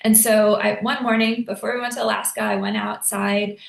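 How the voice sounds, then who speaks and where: A woman hosting a podcast, telling a personal story in an earnest, emotional way, lifting into a higher soft voice when she quotes herself. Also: little pitch movement, normal speed, creaky. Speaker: podcast host. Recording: echoey room.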